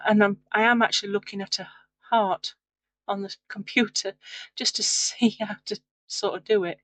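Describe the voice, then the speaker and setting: A woman's voice: mid-range voice, fairly even intonation, normal speed, a bit bright, no echo, low-quality recording. A tired woman narrating her clay crafting in a rambling, chatty, self-deprecating way late at night. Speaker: craft video host. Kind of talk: casual voice-over crafting narration.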